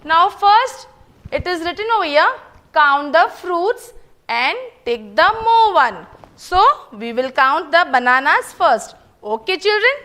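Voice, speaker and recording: A woman's voice: high voice, fairly bright tone. A middle-aged woman with an Indian English accent teaching a kindergarten class, coaxing the children and answering her own questions in a sing-song way. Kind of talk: online class lesson for young children.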